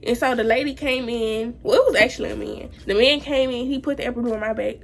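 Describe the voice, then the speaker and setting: A teenage girl tells a story to her viewers in a loose, slangy, chatty way. Her voice sits a little high, and faint noise hums behind her. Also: fast talker, vocal fry. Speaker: vlogger. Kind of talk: casual storytime chat.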